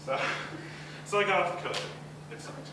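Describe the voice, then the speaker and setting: On a university talent show stage, a young student comic with a high voice rambles through a self-deprecating set, quickly acting out little asides. The audio comes from a distant, very echoey hall mic, with a noisy background of crowd ambience and laughter.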